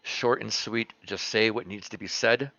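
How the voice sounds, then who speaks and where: A man's voice: fairly low pitch, steady tone, normal speed, bright, forceful tone, no room sound, muffled recording. A man briefing his team over voice chat, direct and businesslike. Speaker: clan leader briefing a match. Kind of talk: casual voice chat.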